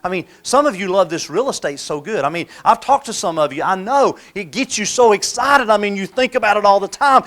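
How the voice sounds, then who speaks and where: A man's voice: high-pitched, expressive, fairly quick, few pauses, a bit bright. A middle-aged man giving a live motivational talk, telling folksy stories and acting out the voices of the people in them. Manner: folksy, storytelling, acts out quoted voices. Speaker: motivational speaker.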